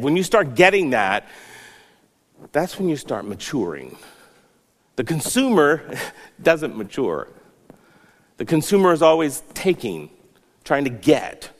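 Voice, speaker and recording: A man's voice: a little high, sing-song, slow, long pauses, big-room sound. A man preaching a sermon as a pastor, earnest, rising and falling for emphasis.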